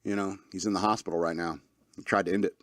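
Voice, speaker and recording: A man's voice: sits low, steady tone, fast talker, fairly bright tone, no echo, studio quality. A man in his thirties hosting a podcast, rambling loosely through a casual monologue, joking and laughing often, with lots of fillers. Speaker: podcast host.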